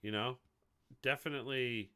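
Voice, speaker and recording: A man's voice: mid-range voice, fairly even intonation, normal speed, pushed and bright, smooth. A man chatting casually and rambling while he builds a website on a live stream, swearing now and then. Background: music playing.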